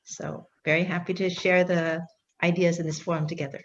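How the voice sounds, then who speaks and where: A woman's voice: fairly low pitch, flat delivery, a little fast, lo-fi sound. A woman from Thailand with an American accent, cheerful and playful in a casual panel chat over a video call. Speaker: association president, surgeon.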